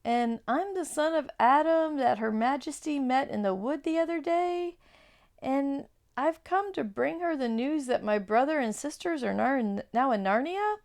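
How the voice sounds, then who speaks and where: A woman's voice: on the high side, creaky. A woman voicing a frightened young boy who trembles and stammers.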